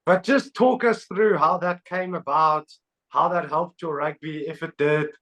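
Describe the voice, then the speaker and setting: Male host, casual podcast chat, animated storyteller, slightly high voice. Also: unhurried, rough recording. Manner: animated storytelling, laughs often. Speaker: podcast host, former rugby player.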